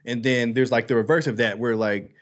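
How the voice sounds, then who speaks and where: A man co-hosting a podcast in casual chat, animated and quick to act out quoted lines. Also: mid-range voice, highs cut off. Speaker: podcast co-host.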